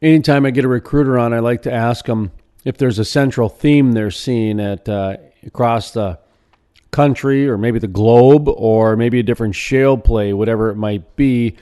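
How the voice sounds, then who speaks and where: A man's voice: mid-range voice, steady tone, moderate pace, dark tone, clear, resonant tone. A man hosting an interview, asking long rambling questions with restarts. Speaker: radio show host.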